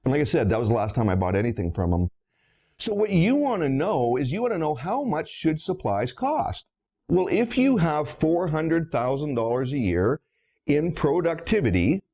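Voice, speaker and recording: A man's voice: a little high, gravelly, dark tone. A middle-aged man, a dentist, lecturing bluntly on practice finances with emphatic storytelling and rhetorical questions.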